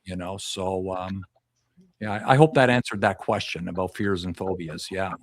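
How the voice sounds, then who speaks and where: A man's voice: deep voice, normal speed, dry recording. A man who works as a past life regression hypnotist, answering as a podcast guest and explaining at length, often repeating and restarting phrases.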